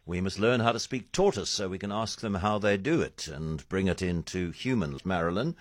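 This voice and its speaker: A man's voice: deep voice, expressive, moderate pace, dry recording. A man hosting a call-in radio show, joking playfully as he takes callers. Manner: playful, jokey about name pronunciations. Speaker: radio talk show host. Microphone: studio microphone.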